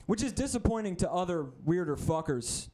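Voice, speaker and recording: A young male comic from the Midwest talks through a rambling stand-up set in a high voice. He moves loosely from one crude, self-mocking aside to the next with a deadpan shrug. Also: brisk. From American Midwest (Wisconsin). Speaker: stand-up comedian.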